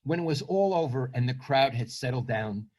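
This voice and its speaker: A man's voice: mid-range voice, expressive, normal speed, a little mellow. A man, reading from his book and then talking about himself in a reflective, self-deprecating way. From Brooklyn, New York. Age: 70s. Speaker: author.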